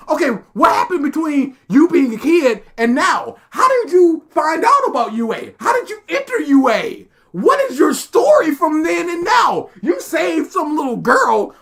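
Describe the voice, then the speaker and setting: High gravelly woman ranting sarcastically. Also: sing-song, normal speed, few pauses. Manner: exasperated, sarcastic, mocking impressions of characters. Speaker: streamer reacting live. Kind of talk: casual ranting commentary.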